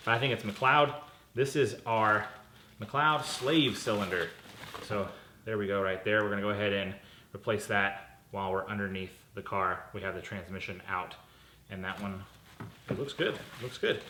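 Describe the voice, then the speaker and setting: A man's voice: medium pitch, pushed and bright, echoey room, slight background noise. A man hosting a casual car parts unboxing vlog, talking in a chatty, upbeat way and correcting himself as he goes. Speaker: car channel host.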